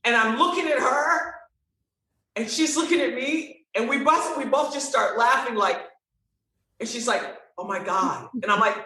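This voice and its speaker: Woman, guest storyteller, animated, acts out dialogue, roomy, distant mic. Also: sits high, moderate pace. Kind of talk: storytelling interview chat.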